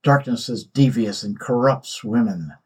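A man voicing an arrogant young king who mocks, threatens and shouts. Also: medium pitch, unhurried, breathy edge. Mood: angry, mocking.

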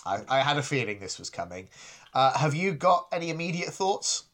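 A man's voice: a little high, very animated, brisk, a bit bright. A man co-hosting a podcast in casual chat, dry and self-deprecating, often restarting his sentences. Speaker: podcast co-host.

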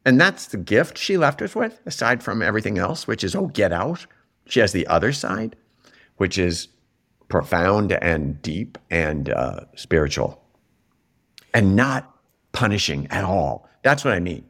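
Man, low voice, middle-aged, interview guest, animated storytelling. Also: a little slow, gravelly. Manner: animated storytelling, voice rises sharply when moved. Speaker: interview guest, television writer. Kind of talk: reflective interview talk.

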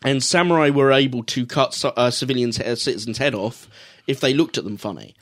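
A man's voice: medium pitch, brisk. Opinionated man reviewing anime. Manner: explanatory, opinionated, animated. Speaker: podcast co-host. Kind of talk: casual review chat.

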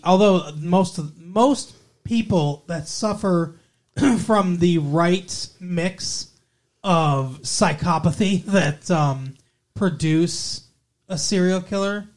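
Southern man, co-host, chatty and opinionated, swears freely. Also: sits high. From American South. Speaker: podcast co-host. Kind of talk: casual movie discussion.

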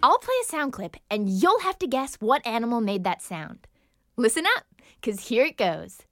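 A woman hosting a children's wildlife show, narrating from a script in a bubbly, playful and expressive way. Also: a little high, normal speed. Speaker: show host.

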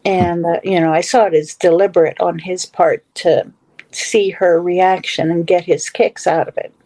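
A woman's voice: lowish voice, steady tone, moderate pace, mellow, poor audio. A middle-aged woman telling a personal story as a guest in a casual talk, with many fillers and restarts. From Western Pennsylvania / Ohio area.

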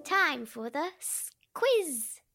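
A man putting on a squeaky high voice to call out segment titles in a sing-song, drawn-out way. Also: sing-song, creaky, sharp tone, soft background music, heavily acted. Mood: chirpy.

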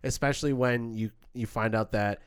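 A man casually reviewing a film as a podcast co-host, animated and acting out quoted lines. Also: medium pitch, moderate pace, smooth, dry recording, studio quality.

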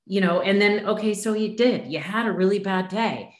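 A woman's voice: medium pitch, moderate pace, reverberant. A woman in her fifties hosting a podcast, asking earnest questions and affirming her guest. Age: 50s. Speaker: podcast host. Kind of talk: interview conversation.

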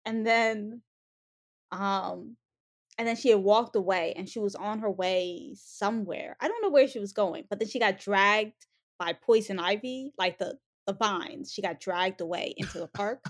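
A woman's voice: mid-range voice, measured pace. Chatty woman retelling a TV episode. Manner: chatty, acts out characters' lines while retelling. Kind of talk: casual chat recapping a TV show.

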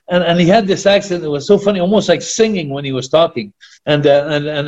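A man's voice: on the high side, fast talker, muffled recording. A man with a French Canadian accent, a native French speaker, chatting as an interview guest and rambling with many restarts and fillers. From Quebec, Canada. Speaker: retired pro wrestler guest. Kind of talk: casual interview chat.

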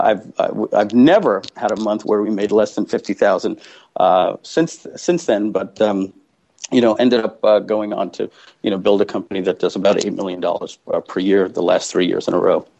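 A man telling a personal story as a guest, animated and full of restarts, acting out the people he quotes. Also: lowish voice, normal speed, vocal fry. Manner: animated, acts out quoted voices, many restarts. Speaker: guest entrepreneur. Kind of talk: casual storytelling. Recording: dull lo-fi sound.

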